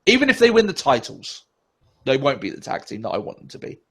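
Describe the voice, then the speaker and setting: A man's voice: mid-range voice, huge pitch swings, fairly quick, a bit bright, breathy edge. Guy ranting on a podcast, swears a lot, sarcastic, bouncy up-and-down voice. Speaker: podcast co-host. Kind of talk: casual podcast chat.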